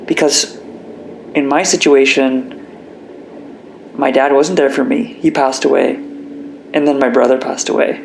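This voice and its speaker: Earnest gravelly man sharing his story. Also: mid-range voice, fairly even intonation, a little slow, pauses often, a little hiss or hum, rough recording. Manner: earnest and reflective, gets emotional. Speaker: guest. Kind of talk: candid personal interview.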